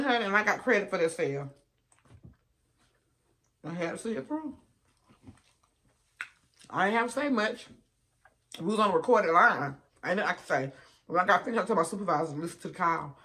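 A mukbang vlogger with a mid-range, slightly bright voice chats casually to her viewers while she eats, telling stories. She calls them y'all and honey.

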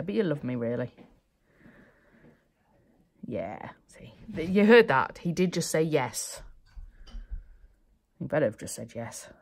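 A woman's voice: low-pitched, a little mellow. A woman vlogger in her thirties chatting casually, laughing and sometimes dropping to a whisper. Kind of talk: casual vlog chat.

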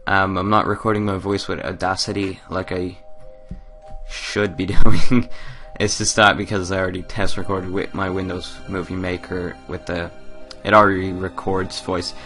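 Rambling gamer guy with a bright voice. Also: sits low. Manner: rambling, lots of ums, giggly. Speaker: let's play gamer. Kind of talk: casual gameplay commentary. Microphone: desk microphone. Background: faint game music.

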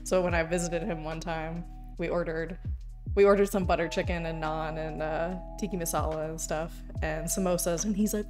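A woman's voice: fairly low pitch, steady tone, moderate pace, a little mellow, faint music behind. A woman chatting casually on a livestream, rambling from topic to topic and swearing freely. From Canada.

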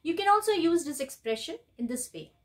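A woman's voice: high voice, big pitch swings, fairly quick. A woman teaching business English, explaining polite phrases step by step and saying example lines aloud. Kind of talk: scripted lesson to camera.

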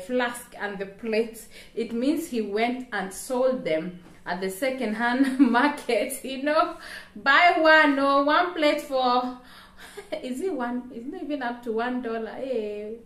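A woman's voice: high-pitched, roomy sound. A woman vlogger commenting casually on a news story to her viewers, laughing often and breaking into exclamations.

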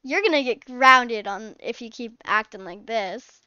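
High-voiced woman playing a scolding mom. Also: lively intonation, measured pace, hardly any pauses, bright, forceful tone, smooth, no room sound, highs cut off. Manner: chatty, mothering, scolding. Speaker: channel host playing a mom. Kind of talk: casual game role-play narration.

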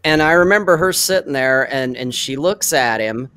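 A man telling an anecdote in casual podcast chat, animated and swearing freely. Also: medium pitch, normal speed, clean tone.

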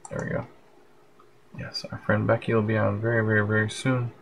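Gravelly low-voiced man hosting a livestream. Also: completely flat delivery, a little fast, a bit bright, a little hiss or hum, low-quality recording. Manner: rambling, friendly, reads out viewer comments. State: tired, yawning late at night. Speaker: livestream host. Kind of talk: casual live broadcast chat. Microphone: headphones with plug-in mic.

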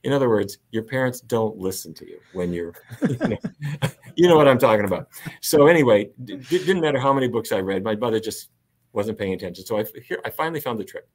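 Husky, low-voiced man telling stories. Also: brisk. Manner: animated anecdotes with laughs. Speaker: physician guest. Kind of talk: conversational storytelling.

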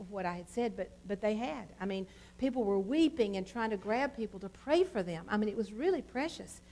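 A middle-aged woman pastor, telling a testimony in a sermon with a lot of fillers and animated storytelling. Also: mid-range voice.

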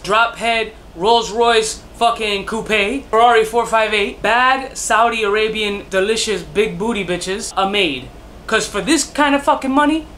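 A man's voice: sits high, pushed and bright, a little hiss or hum. Profane man ranting over fragrances. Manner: profane, rants in bursts of mock outrage; jokey, self-mocking asides. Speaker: fragrance reviewer. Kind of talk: casual vlog review.

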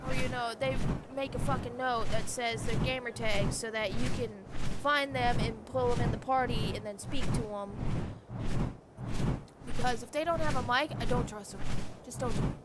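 High-voiced young woman ranting over gameplay. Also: steady tone, moderate pace. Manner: annoyed ranting, swears freely. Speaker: gaming YouTuber. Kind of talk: casual gameplay commentary. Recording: loud background noise.

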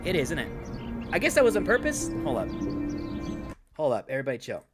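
A man's voice: a little high, huge pitch swings, quick pace. A man streaming a horror game live, chatting with viewers in a jokey way and reading subtitles aloud. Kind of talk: live let's-play commentary. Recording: game music under a home stream. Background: game music.

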